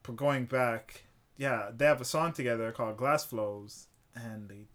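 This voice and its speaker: A young man co-hosting a podcast, telling a concert story in a relaxed, animated way. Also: medium pitch, unhurried. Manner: animated storytelling, quotes people in raised voice. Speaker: podcast co-host. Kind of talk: casual chat.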